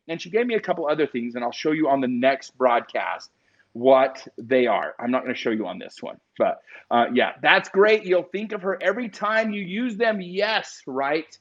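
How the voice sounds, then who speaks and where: Emotional chatty man on a lo-fi stream. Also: a little high. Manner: emotional, chatty, addresses viewers directly. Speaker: live-stream host. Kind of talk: casual live-stream chat. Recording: dull lo-fi stream audio.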